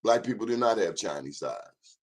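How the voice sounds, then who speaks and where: A man's voice: on the low side, lively intonation, normal speed, slightly rough. A man in his fifties hosting an informal history talk, emphatic and repetitive, urging listeners to check the facts themselves. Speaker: host.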